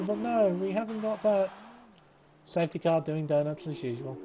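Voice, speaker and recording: A man giving casual commentary on a sim-racing league race, excitable and sleepy, swearing and laughing. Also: sits high, normal speed. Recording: race car engine noise behind. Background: racing game car sounds.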